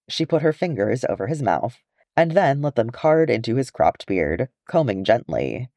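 A man with a low voice reads a story chapter aloud, telling it expressively. His pitch rises and falls widely, and the recording is dry and close, with no room sound. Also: sing-song, moderate pace, darkish tone, no room sound. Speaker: audiobook reader. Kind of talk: reading fan fiction aloud.

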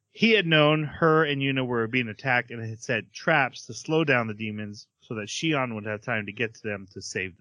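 A man with a bright, forceful voice chats casually on a podcast, retelling an anime episode scene by scene. He acts out the characters' lines as he goes and laughs often. The sound is close and dry. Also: mid-range voice, no room sound, lo-fi sound. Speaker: podcast co-host reviewing anime. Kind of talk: casual chat, recapping an episode.

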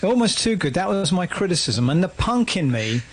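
A man's voice: sits high, very animated, normal speed, breathy edge, no echo. Reflective man telling stories. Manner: reflective, storytelling. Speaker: guest musician. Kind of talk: casual radio interview.

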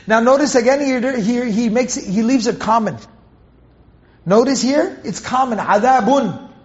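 A man giving a Quran commentary lecture, explaining word by word and asking rhetorical questions, on a dull lo-fi recording. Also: extremely high pitch. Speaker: Quran teacher.

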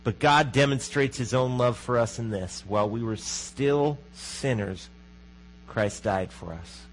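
A man preaching a sermon as pastor, in a conversational manner, often asking the congregation questions and dropping to a hushed voice for emphasis. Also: medium pitch, measured pace, a little hiss or hum, rough recording.

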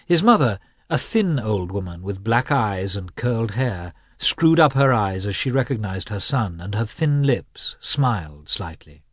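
A man narrating a classic novel in an expressive, measured storytelling manner. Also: medium pitch, no room sound, clean studio sound. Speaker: audiobook narrator.

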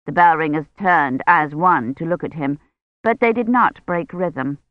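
An audiobook narrator reading a novel in a measured, even manner. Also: mid-range voice, dry recording. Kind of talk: scripted narration. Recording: dry, dull lo-fi sound.

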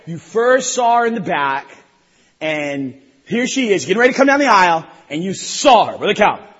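Male preacher, high and husky, lively delivery, echoey hall, dull lo-fi audio. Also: normal speed. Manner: animated, laughing, shouts at peaks. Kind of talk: sermon. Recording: long hall reverb, dull lo-fi sound.

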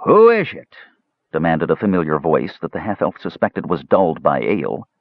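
A man narrating an audiobook in a measured, expressive storytelling style, on a dull, muffled recording. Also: a bass voice, creaky, no echo. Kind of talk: scripted narration.

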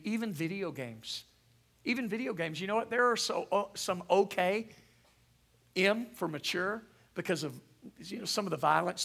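A middle-aged pastor preaches a sermon with animation, calling out to the congregation for responses. His voice sits high and carries vocal fry.

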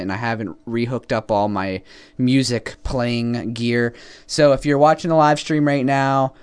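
Chill podcast guy wrapping things up, smooth clear voice, lots of ums. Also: mid-range voice. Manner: easygoing, halting with fillers. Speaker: podcast co-host. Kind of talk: casual podcast chat.

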